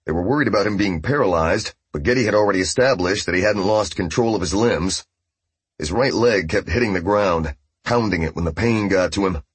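A man reading a novel aloud as narrator, in a steady storytelling voice. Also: deep voice, fairly quick, breathy edge, no room sound. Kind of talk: scripted audiobook narration.

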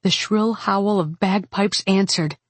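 A woman narrating a first-person fantasy audiobook in a steady, wry manner. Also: medium pitch, slow pace, breathy edge, no room sound.

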